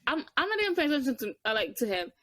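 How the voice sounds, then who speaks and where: Young woman podcast co-host, high-ish voice, lively storyteller acting out quotes, dry close sound. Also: racing, no room sound. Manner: animated storytelling, acts out quotes with big pitch jumps. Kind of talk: casual chat.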